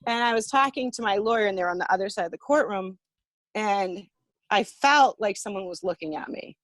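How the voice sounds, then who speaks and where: A woman's voice: medium pitch, brisk, no echo, rough recording. A woman being interviewed, recounting a personal ordeal in an earnest way, with frequent fillers. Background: music.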